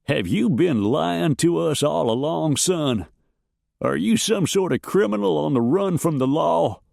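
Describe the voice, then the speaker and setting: A man voicing an old farmer grandfather, gruff but kindly, with a folksy drawl, in a western audiobook. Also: a little high, lively intonation, unhurried, a little mellow, dry recording, studio quality, voice pushed up, full character voice. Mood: probing.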